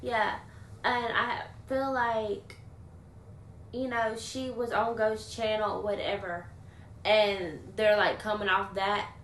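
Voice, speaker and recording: A woman's voice: medium pitch, level tone, slow pace, fairly bright tone, a little hiss or hum. Blunt young woman venting on a livestream. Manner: blunt, venting, swears freely. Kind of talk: casual livestream chat. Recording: roomy echo.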